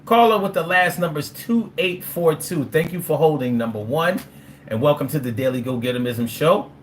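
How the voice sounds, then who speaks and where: Philly-male host, higher-pitched voice, loose swearing freestyle banter over a faint noise bed. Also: normal speed. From Philadelphia. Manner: loose, swearing, playful trash talk. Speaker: call-in show host. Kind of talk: casual call-in chat and freestyle rap battle.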